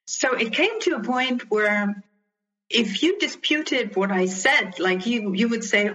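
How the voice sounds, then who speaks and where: A woman's voice: fairly high pitch, unhurried, a bit bright. A woman in her fifties, a guest in an interview, telling her personal story earnestly and reflectively, with frequent ums and restarts. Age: 50s. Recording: dull lo-fi sound.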